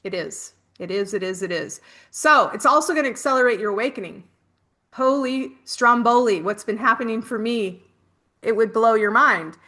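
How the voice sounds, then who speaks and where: A woman's voice: a little high, normal speed, bright, forceful tone. A middle-aged woman hosting a spiritual workshop, telling chatty personal stories with casual swearing.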